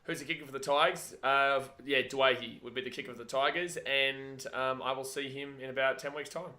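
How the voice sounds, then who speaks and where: Bright, excitable man. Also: medium pitch, brisk. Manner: chatty, excitable, yells at the screen. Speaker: watch-along host. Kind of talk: live match watch-along commentary.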